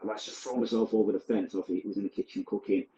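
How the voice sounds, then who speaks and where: A man's voice: fairly low pitch, steady tone, racing, mellow, echoey room, lo-fi sound. Blunt man telling his story. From Manchester, England. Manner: candid, vivid, blunt present-tense recounting. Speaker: podcast guest. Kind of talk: personal storytelling.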